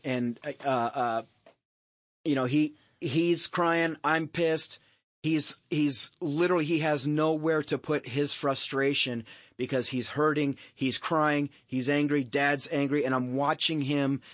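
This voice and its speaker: A middle-aged man hosting a podcast tells a personal story in a casual chat, candid and meandering, cursing freely and starting his sentences over. His voice is medium in pitch with a fairly bright tone, captured in a dry, clean studio recording.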